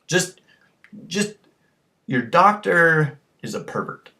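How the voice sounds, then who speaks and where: Drunk-ish from drinking, a man vlogs a crude, rambling rant to camera packed with profanity. He sounds a little high, sing-song and bright, slow yet forceful.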